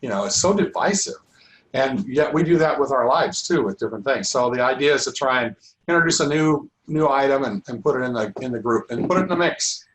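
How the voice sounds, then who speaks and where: A middle-aged man with a hoarse, worn voice, leading a small informal class on holistic healing. He talks loosely and restarts sentences as he goes, at an ordinary mid pitch. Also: expressive, brisk, fairly bright tone, low-quality recording. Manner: rambling, restarts sentences often. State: losing his voice. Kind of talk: informal online class talk.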